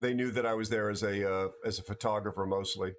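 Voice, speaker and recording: Tired, halting man chatting. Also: on the low side, steady tone. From United States. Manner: halting, repeats words and restarts often. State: tired from no sleep. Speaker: livestream host. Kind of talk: casual chat with viewers.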